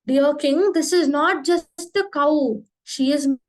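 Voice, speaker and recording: A tender old sage, as a woman puts him on, lowering her voice to a soft, unhurried tone. He speaks with calm warmth in a told legend. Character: gentle old male sage, loving and calm.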